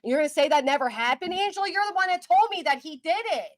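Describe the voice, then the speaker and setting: A woman's voice: very high voice, lively intonation, quick pace, no room sound. A woman hosting a casual livestream, talking in an indignant, ranting way. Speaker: livestream host.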